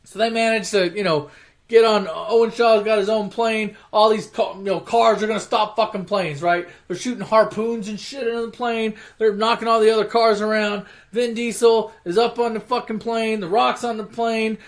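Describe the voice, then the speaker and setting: A high-voiced young man tells an action movie's plot like a campfire story, swearing constantly and rambling through half-finished sentences. He slips into mocking voices for the characters and gets louder when something strikes him as ridiculous. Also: steady tone, normal speed. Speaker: storyteller retelling movie plots. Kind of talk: casual profane movie recap.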